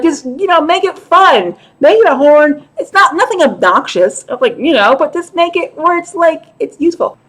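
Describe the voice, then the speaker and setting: A woman talking casually to camera as a vlogger, frank and a little profane, with laughing asides. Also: high-pitched. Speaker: vlogger and show host.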